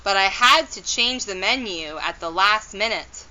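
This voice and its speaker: A busy storybook mom, matter-of-fact and a little flustered, read by a woman. She speaks slowly, in a bright voice. The recording is slightly dull and lo-fi. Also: mid-range voice, expressive. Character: busy mother of a young girl. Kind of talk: children's storybook read-aloud.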